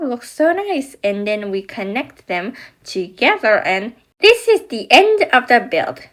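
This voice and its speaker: A woman's voice: mid-range voice, sing-song, unhurried, a bit bright. A woman reviewing and building a toy set, chatty and enthusiastic with many fillers.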